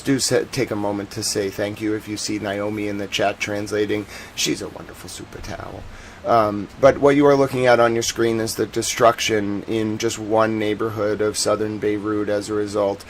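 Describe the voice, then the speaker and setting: Boston guy doing a news livestream, low gravelly voice, chatty with chat, faint hiss behind. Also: poor audio. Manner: chatty, greets chat viewers, earnest and soft when serious. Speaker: live-stream news host. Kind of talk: casual live commentary on war footage.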